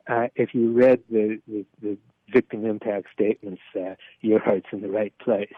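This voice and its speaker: Male radio caller, halting, emotional, low husky voice, tinny phone line. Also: steady tone, no room sound. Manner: emotional, halting, many fillers. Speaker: caller, criminal defense attorney. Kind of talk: call-in radio conversation.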